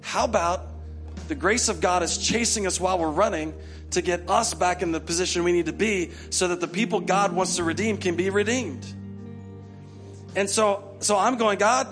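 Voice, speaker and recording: High-voiced pastor guy preaching hard, repeats lines fast and fired up, soft music behind. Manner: impassioned, acts out prayers in quick repeated bursts. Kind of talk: sermon.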